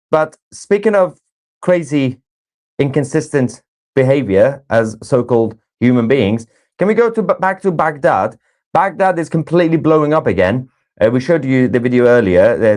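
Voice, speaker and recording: A man's voice: mid-range voice, normal speed. Iranian-born guy hosting a live news stream, snarky and mocking, voice swinging up and down a lot. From Iran. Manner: sarcastic, mocking, animated. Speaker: livestream co-host.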